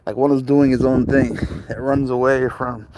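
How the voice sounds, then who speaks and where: A man's voice: medium pitch, little pitch movement, normal speed, noisy background. An older man hosting a casual livestream, rambling and chatty as he reads out and answers viewer comments. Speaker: livestreamer with a pet cat.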